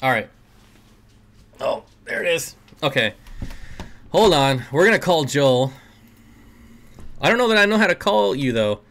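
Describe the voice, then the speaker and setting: A man's voice: fairly high pitch, sing-song, measured pace, pauses often, a bit bright. A man hosting a casual livestream, reading chat comments aloud and joking with viewers, often laughing. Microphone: desk mic.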